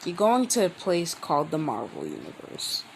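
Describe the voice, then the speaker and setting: A man hosting his own channel, telling a fan-made story in a rambling, halting way with many restarts. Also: a little high, wildly swooping pitch, vocal fry, a little hiss or hum, rough recording. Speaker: channel host. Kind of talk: casual fan-fiction storytelling.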